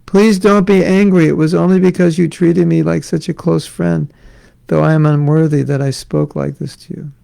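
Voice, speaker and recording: A man's voice: a little high, steady tone, moderate pace, creaky, dark tone. A man reading out the lines of a young woman pleading with her beloved in a scripture story, apologetic and pleading.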